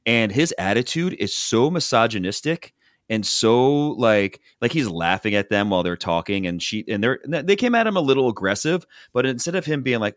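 A man's voice: medium pitch, moderate pace, no room sound, clean studio sound. A man hosting a podcast, telling a reality-show recap in casual chat and acting out the people's lines. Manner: animated storytelling, acts out quotes from the show.

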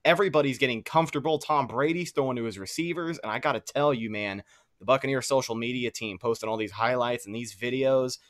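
Guy co-hosting a sports show, mid-pitched, dry close mic. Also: fast talker, no echo. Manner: conversational, asks questions. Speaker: co-host. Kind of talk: casual sports talk.

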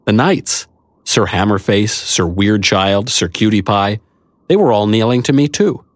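A man's voice: fairly low pitch, lively intonation, unhurried, no echo. A man reading a first-person story in a wry, conversational manner, recorded on a close studio mic. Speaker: narrator. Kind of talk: first-person audiobook narration.

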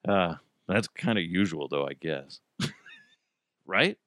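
A man's voice: sits low, expressive, takes it slowly, a bit bright, no echo, studio quality. A man in his thirties, a podcast host, telling stories in a casual, joking monologue and laughing often.

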